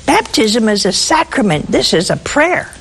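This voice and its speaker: A woman's voice: on the high side, sing-song, moderate pace, gravelly, noisy background. A woman giving a sermon, telling stories with humor and asking her listeners rhetorical questions. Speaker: preacher.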